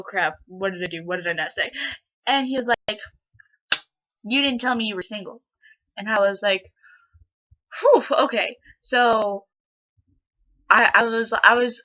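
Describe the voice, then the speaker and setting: In a dull lo-fi recording made at home, a teenage girl talks to her camera from her bedroom with a slightly high, pushed, bright voice. Her vlog is a casual, rambling retelling of a story, stuffed with fillers and quoted dialogue going back and forth.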